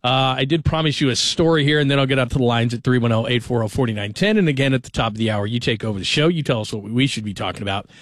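A man's voice: medium pitch, fast talker, few pauses, no room sound. A man in his forties hosting a sports radio show, telling joking stories in a chatty, casual way. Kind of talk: casual talk radio monologue.

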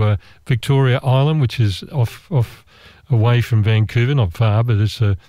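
An Australian man telling a travel story in a relaxed, meandering, chatty way, with asides and restarts. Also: medium pitch, clean tone, no room sound. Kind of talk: relaxed travel anecdote monologue.

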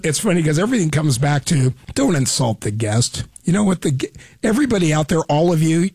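Husky guy on the radio spinning a story, kinda high voice, dry sound. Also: no echo. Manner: animated storyteller. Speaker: radio host. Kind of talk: casual radio chat.

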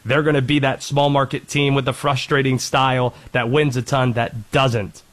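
A man's voice: mid-range voice, level tone, normal speed. A man hosting a sports talk show, delivering emphatic, playful commentary.

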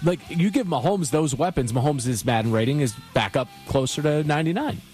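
A man co-hosting sports talk radio, reasoning through his points in a quick, conversational way. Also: fairly high pitch, animated, a little mellow, soft background music.

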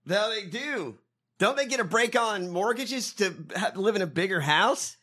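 A man's voice: high voice, animated, moderate pace, bright, forceful tone. A man co-hosting a podcast, chatting casually about politics in a profane, mocking way and laughing often. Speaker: podcast co-host.

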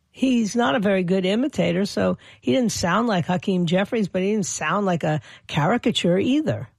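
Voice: medium pitch, creaky, a little mellow, no room sound. A political commentator delivering an opinion monologue, often stammering and restarting phrases, with indignant emphasis.

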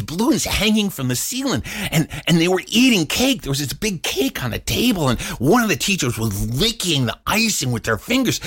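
A middle-aged man telling a story in an animated way, acting out voices and sound effects. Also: fairly high pitch, slightly rough, dry recording, clean studio sound. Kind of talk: storytelling performance.

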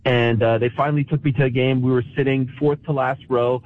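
A man in his thirties from Montreal calls in over a thin, phone-like line. He talks with open emotion and keeps restarting his words. His pitch sits in an ordinary middle range. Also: level tone, fairly quick, slight background noise. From Montreal, Canada. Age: 30s. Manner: emotional, self-described pessimistic, restarts words often. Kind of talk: casual chat.

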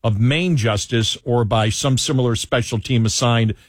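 A man's voice: medium pitch, moderate pace, dry recording. Radio host man, dry studio sound. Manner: rambling, restarts, reads a column aloud. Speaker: radio talk show host. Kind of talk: casual talk radio banter and commentary. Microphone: studio headphones and mic.

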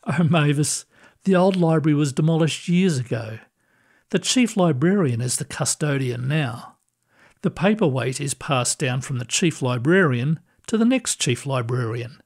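A kindly ghostly librarian, calm and reassuring, with a gently amused tone, as a male storyteller plays him. He talks slowly and unhurriedly, in a slightly raised register. It sounds like a soft storybook reading. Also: fairly high pitch. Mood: gentle.

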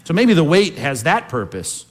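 A man's voice: on the high side, very animated, normal speed. A man preaching a sermon in a conversational way, often putting questions to the congregation. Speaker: pastor.

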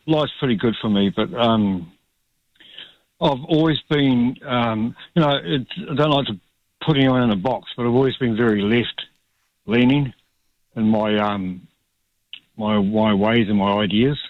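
A man with a New Zealand accent calling in to talkback radio, speaking haltingly with many ums. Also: medium pitch, no room sound. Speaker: caller. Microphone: phone line. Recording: dull phone line.

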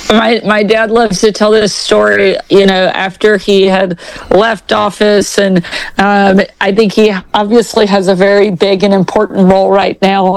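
Gravelly-voiced woman telling family stories. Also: medium pitch, a little mellow, dry recording, rough recording. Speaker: governor, interview guest. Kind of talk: casual interview chat.

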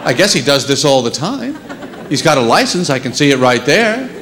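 A man's voice: fairly high pitch, very animated, moderate pace, noisy background. A man doing a dry, observational stand-up routine on a club stage. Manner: wry, dry observational joking. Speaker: stand-up comedian. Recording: live club, crowd laughter.

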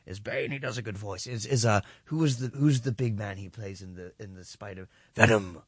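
A man's voice: fairly low pitch, fairly quick, breathy edge, dry recording, studio quality. A young man co-hosting a casual podcast, enthusiastic, trailing off mid-sentence and praising shows as "wonderful" and "very good.". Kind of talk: casual chat about TV shows.

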